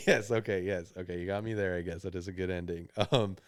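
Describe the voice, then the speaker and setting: Low, smooth-voiced male podcast host, rambling and laughing, dry close mic. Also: steady tone, a little fast, dry recording. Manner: rambling, laughing through his lines. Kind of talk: casual chat.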